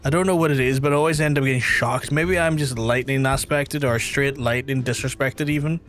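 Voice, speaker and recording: A grumbling, self-pitying fantasy adventurer who keeps moaning about his bad luck, as a Northern Irish man reads him out. The voice sits at an everyday middle pitch, with faint game music behind. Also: fairly even intonation, brisk, fairly bright tone, lightly acted. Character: boastful, unlucky male adventurer in a fantasy game.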